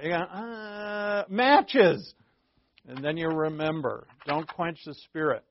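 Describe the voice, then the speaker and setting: A man preaching a sermon as a pastor, teaching conversationally with asides and self-corrections, and slowing down to stress key words. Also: fairly high pitch, a little hiss or hum. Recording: dull, lo-fi dry recording.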